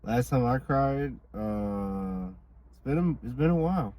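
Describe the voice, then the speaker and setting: A man's voice: medium pitch, animated, measured pace, a loud crowd. A man co-hosting a podcast in laid-back casual chat, joking and swearing freely. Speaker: podcast co-host.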